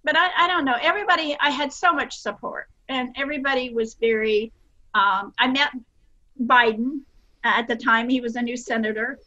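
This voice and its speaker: Older woman, interview guest; earnest, self-deprecating storyteller, bright tone, lo-fi sound. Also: high voice, normal speed.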